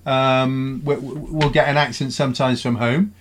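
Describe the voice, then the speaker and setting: A man with a Bristol accent hosting a radio phone-in, reading out listener messages in a relaxed, thinking-aloud way. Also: mid-range voice, moderate pace, slight background noise.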